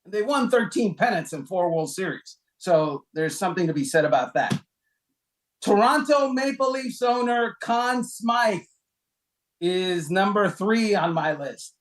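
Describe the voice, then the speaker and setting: Animated male sports talk co-host. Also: a little slow, rough recording. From Cuban heritage, raised in South Florida. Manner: animated, rhetorical questions, emphatic pitch jumps. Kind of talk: casual sports talk ranking list.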